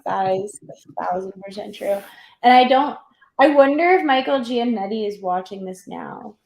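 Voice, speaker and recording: A woman's voice: mid-range voice, lively intonation, normal speed, creaky, darkish tone, poor audio. A woman with a Valley Girl accent hosting a casual stream chat, enthusiastic and using upspeak.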